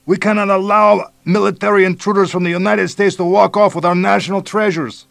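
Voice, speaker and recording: A man's voice: high voice, level tone, brisk, creaky, no room sound, voice pushed up. A man doing a bellowing Mexican rebel chief. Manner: loud, bellowing, commanding. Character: menacing Mexican police chief turned rebel leader, bellowing.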